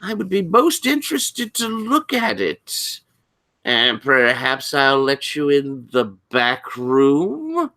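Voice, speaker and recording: A game master voicing an excitable older male librarian who is fascinated by the occult. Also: medium pitch, takes it slowly, voice pushed up, exaggerated voice. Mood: scheming. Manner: fluttery, breathless with fascination.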